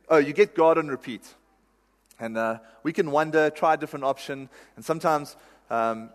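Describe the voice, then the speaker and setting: A male pastor preaches in a casual, self-deprecating way, with a fairly high voice. His words ring out in a large church hall with a long reverb. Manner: conversational, self-deprecating, laughs at himself. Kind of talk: sermon.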